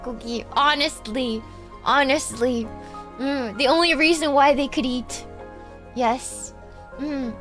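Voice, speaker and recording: A woman streamer chatting casually and reading out viewer donations, often calling her viewers "Cookie" and letting phrase endings drop softly. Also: high voice, takes it slowly. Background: faint background music.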